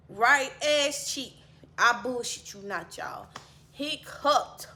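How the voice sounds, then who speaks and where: Young woman telling a storytime vlog, slow and drawn out, dropping to hushed asides then bursting loud, faint hiss behind. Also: medium pitch, vocal fry. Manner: animated, laughing, swings between hushed asides and loud outbursts.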